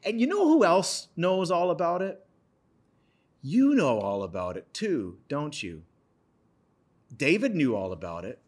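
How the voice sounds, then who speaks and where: Earnest preaching man, higher voice. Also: big pitch swings, a little mellow. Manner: earnest preaching, reads scripture aloud with dramatic pauses. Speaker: pastor. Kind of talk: sermon.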